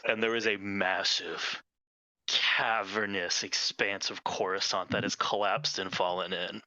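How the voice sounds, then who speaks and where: A man's voice: deep voice, flat delivery, measured pace, sharp tone, dry recording, lo-fi sound. A man running a tabletop game as game master, describing scenes and calling for dice rolls.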